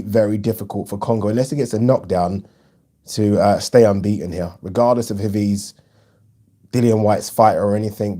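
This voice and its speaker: Man, low mellow voice, casual live host, frank, swears, lots of ums. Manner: chatty, frank, swears freely, frequent ums. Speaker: host of a live boxing watch-along. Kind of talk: casual live commentary reading viewer chat.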